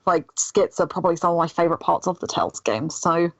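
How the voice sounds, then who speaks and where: A woman's voice: on the low side, fast talker, dry recording. A woman chatting enthusiastically on a game podcast panel. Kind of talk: casual panel chat.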